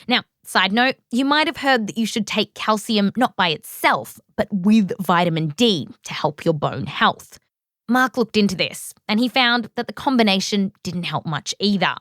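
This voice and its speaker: Lively Australian woman host. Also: medium pitch, moderate pace, no room sound, studio quality. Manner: playful, jokey. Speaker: podcast host. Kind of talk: scripted science narration and interviewing.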